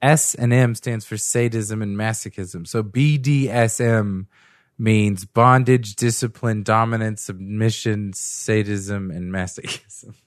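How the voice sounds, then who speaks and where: A man's voice: on the low side, fairly even intonation, takes it slowly, dry recording, clean studio sound. A man co-hosting a casual drunk podcast, laughing often and acting out voices as he tells stories. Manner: laughing, acts out voices in retellings. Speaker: podcast co-host. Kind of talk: casual chat.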